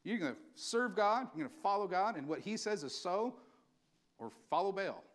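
High-voiced, animated preaching man. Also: moderate pace. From California. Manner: impassioned, conversational preaching with acted-out quotes. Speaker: pastor. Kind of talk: sermon.

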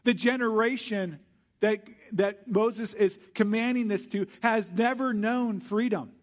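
Male preacher, fairly high voice, earnest sermon delivery with slow, stressed repetitions. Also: fairly even intonation. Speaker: pastor.

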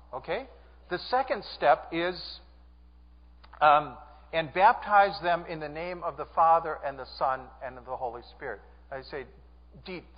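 Earnest man preaching in an echoing church. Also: fairly high pitch. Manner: earnest, repeats phrases, asks the congregation to respond. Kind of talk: sermon. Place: church sanctuary. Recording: dull sound with long church reverb.

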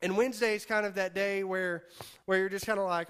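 A young male youth pastor with a high-pitched voice gives a relaxed, conversational sermon. He tells stories in a chatty way, packed with "like" and "you know", and acts out little quotes as he goes. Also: normal speed, clean tone. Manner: chatty storytelling, many fillers, acts out quotes.

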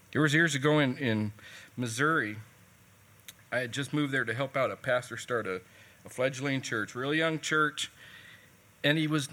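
A man's voice: mid-range voice, sharp tone. A man preaching a sermon in a conversational, folksy way, telling a personal story and retelling what people said.

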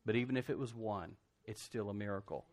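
A pastor with a fairly low, brisk voice preaches a sermon, telling the story in a folksy, conversational style. He acts out the quotes and laughs often.

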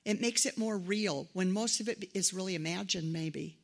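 A middle-aged woman with a voice on the low side preaches a conversational sermon at a moderate pace. She tells personal stories and acts out the voices of the people in them with animation.

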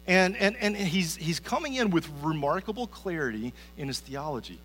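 A man's voice: a little high, animated, moderate pace, a bit bright. A man giving a conversational sermon as a pastor, often repeating his first word as he starts a sentence. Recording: reverberant hall with faint mains hum.

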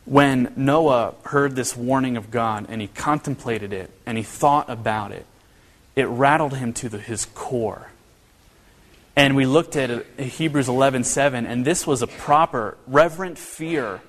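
A man's voice: mid-range voice, unhurried, fairly bright tone. A man preaching a sermon as a pastor, talking in a conversational way with many rhetorical questions and restarts. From northern Kentucky. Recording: long reverb of a hall.

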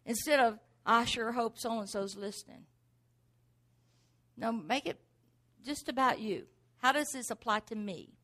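A woman's voice: on the high side, unhurried, fairly bright tone. A middle-aged woman preaching a sermon, driving points home with rhetorical questions and repeated exhortations.

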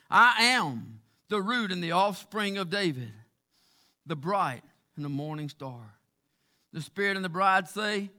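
A man preaching a sermon in a church, moving between slow, quiet passages and loud, rising exhortation. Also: sits high. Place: church sanctuary.

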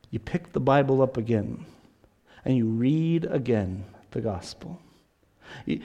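A man's voice: medium pitch, a little mellow. A man preaching a sermon, earnest and insistent, often repeating a word as he presses a point. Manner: earnest, repeats words when stressing a point.

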